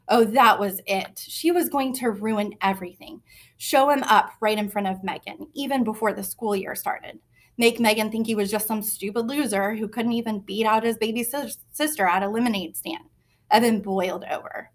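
A woman reading a children's novel aloud in a lively, expressive way. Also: fairly high pitch, moderate pace. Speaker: reader. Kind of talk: storybook narration.

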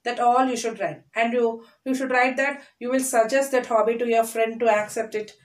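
A high-pitched woman takes a primary class through a reading lesson. She keeps calling the children by name and slows right down to spell out words letter by letter. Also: steady tone, echoey room. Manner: spells out words letter by letter, stretches syllables slowly; repeats "children" and "see", coaxing. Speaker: primary school teacher.

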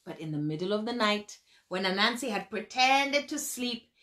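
A woman storyteller narrating a folk tale in an animated way, with sound effects and vivid emphasis. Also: medium pitch, normal speed.

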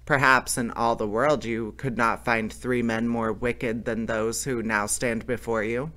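A man's voice: mid-range voice, flat delivery, measured pace, bright, forceful tone. A man voicing a proud, polite, theatrical male bandit leader who speaks in a courtly, grand way.

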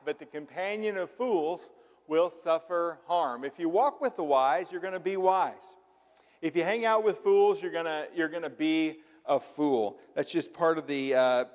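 A middle-aged man with a soft Southern accent delivers a sermon in an easygoing, conversational style, dotting it with "uh"s. His voice is somewhat high for a man. It echoes with the long reverb of a church sanctuary. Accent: slight Southern US. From southern Illinois. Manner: folksy, conversational, with frequent filler words. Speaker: pastor.

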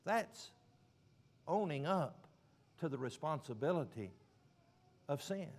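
A man preaching a sermon, stressing words slowly and dropping suddenly to a hush. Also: a little high, expressive. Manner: emphatic, with slow drawn-out stresses and sudden quiet drops.

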